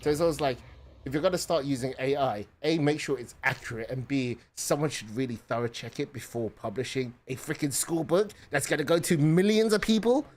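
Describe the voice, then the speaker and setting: A man's voice: mid-range voice, a little fast, a little mellow. A man streaming a video game, chatting casually with teammates, rambling with many fillers and restarts. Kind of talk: casual chat while gaming.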